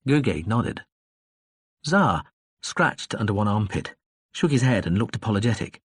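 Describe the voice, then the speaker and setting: A man narrating an audiobook in a calm storytelling manner. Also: fairly low pitch, a little slow, long pauses, slightly rough, dry recording, studio quality. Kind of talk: scripted narration.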